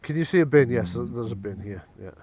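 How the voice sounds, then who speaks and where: A man's voice: mid-range voice, animated, fast, crowd noise. A man running a tabletop game as game master, narrating with frequent hesitations. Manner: hesitant, many ums and restarts.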